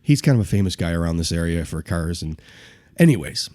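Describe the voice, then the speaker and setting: Energetic 40s male co-host from Buffalo, big pitch swings, loose and rough-edged. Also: fairly quick. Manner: animated, laughing, rough-and-ready storyteller. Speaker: podcast co-host. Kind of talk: casual storytelling.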